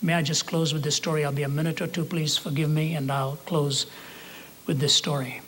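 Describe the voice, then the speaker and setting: An older man preaches and tells a story with measured earnestness. His voice sits a little high for a man, and he slows down to stress key words. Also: flat delivery, a bit bright, a little hiss or hum. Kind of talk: sermon storytelling.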